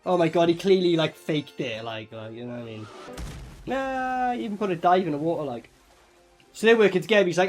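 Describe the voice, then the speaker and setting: A man giving a casual reaction commentary on a film, excitable and profane, rambling with lots of fillers. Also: high voice, a little fast, soft background music. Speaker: movie reviewer.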